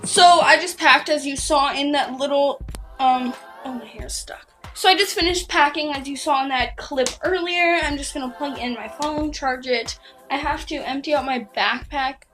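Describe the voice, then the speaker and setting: A woman's voice: high-pitched, moderate pace, sharp tone. A young woman chatting casually in a vlog, rambling and correcting herself as she goes. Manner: rambling, chatty, self-interrupting. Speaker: vlogger. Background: music.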